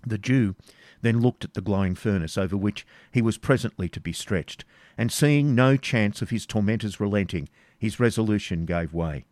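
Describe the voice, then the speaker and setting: A man giving scripted narration of a novel in a measured, even storytelling manner. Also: on the low side, no echo. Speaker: audiobook narrator.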